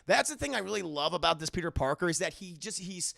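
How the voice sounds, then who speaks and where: Man streamer, film recap for live chat, bright tense tone, gravelly edges, enthusiastic. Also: sits high, quick pace, no room sound, studio quality. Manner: animated, enthusiastic, thanks viewers as he goes.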